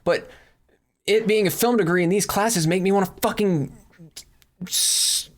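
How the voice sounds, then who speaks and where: A man's voice: sits high, measured pace. A young man on a podcast ranting in exasperation, swearing heavily as he complains in casual chat. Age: young adult. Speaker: podcast co-host. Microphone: far from the mic at times.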